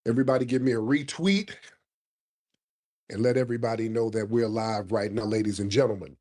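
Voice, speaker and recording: Man, hoarse from a cold, husky voice, slangy livestream host, lowish pitch. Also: fairly quick, darkish tone. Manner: slangy, keeps calling out to viewers. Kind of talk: casual livestream commentary.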